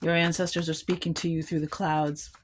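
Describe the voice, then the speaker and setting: A woman's voice: low voice, little pitch movement, fairly quick, background noise. A woman giving a collective tarot reading, musing aloud and rambling, with small laughs between thoughts. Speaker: tarot card reader.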